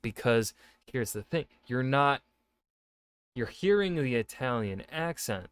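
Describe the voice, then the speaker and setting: A male author gives casual reaction commentary in a mid-range, slightly bright, smooth voice with no room sound. He rambles, leaning on many fillers and frequently restarting or correcting himself.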